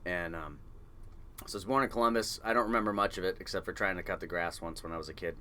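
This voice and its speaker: A man in his forties from coastal New England talks in a low voice with a bright, forceful edge. He spins loose, profane fishing anecdotes in a relaxed interview. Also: fast talker. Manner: salty, swears freely, loose anecdotal telling. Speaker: guest, fishing boat chief engineer. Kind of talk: casual interview storytelling.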